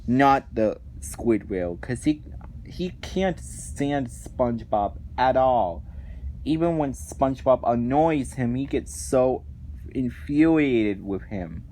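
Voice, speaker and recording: Male reviewer, slow and deliberate, indignant rant with frequent restarts, mid-pitched voice. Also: animated, dark tone, slight background noise. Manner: indignant, exasperated, restarts phrases often. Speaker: reviewer of cartoon episodes. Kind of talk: ranting commentary.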